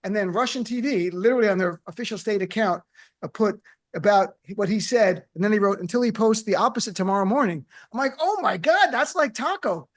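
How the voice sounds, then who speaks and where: A man hosting a comedic radio panel, animated and teasing, often acting out quotes. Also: high voice, fast talker. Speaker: radio host. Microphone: studio mic.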